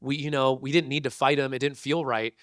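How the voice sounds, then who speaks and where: A man voicing his chatty childhood school friend in relaxed slang while retelling a story. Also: mid-range voice, a little fast, dry recording, studio quality, close to an everyday voice. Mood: hesitant.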